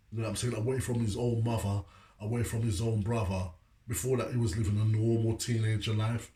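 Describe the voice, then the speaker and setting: A man's voice: mid-range voice, a little mellow, roomy sound. A man talking earnestly to camera about a personal story, often asking "you know what I'm saying". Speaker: motivational video maker. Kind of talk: heartfelt personal talk to camera.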